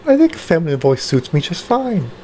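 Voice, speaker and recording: A woman's voice: fairly low pitch, sing-song, fairly quick, mellow, slight background noise. A woman hosting a casual live stream, chatting with her viewers, often stopping herself mid-sentence while she works on her voice. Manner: self-interrupting, reads chat aloud; practicing voice exercises. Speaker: livestream host.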